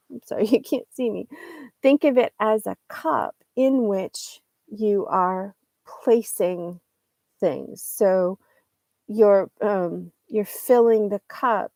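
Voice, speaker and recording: A woman teaching English in an unscripted online lesson, explaining slowly and thoughtfully, pausing and correcting herself as she goes. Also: mid-range voice, dark tone, dry recording. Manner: slow, thoughtful, explains with pauses and self-corrections.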